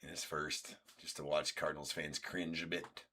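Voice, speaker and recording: Very deep-voiced chatty man hosting a card break. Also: little pitch movement, moderate pace, sharp tone, slight background noise. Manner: chatty, rattles off team and name lists, jokes with viewers. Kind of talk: live-streamed card break commentary.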